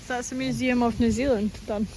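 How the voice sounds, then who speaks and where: A young woman vlogs on the go, chatting casually and thinking aloud with fillers and giggles. Her voice sits a touch high, and clear background noise from the surroundings runs under everything she says. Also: steady tone, a little fast, darkish tone, low-quality recording. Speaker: travel vlogger. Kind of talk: casual chat while sightseeing. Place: walking outdoors and through a museum, filming on a camera.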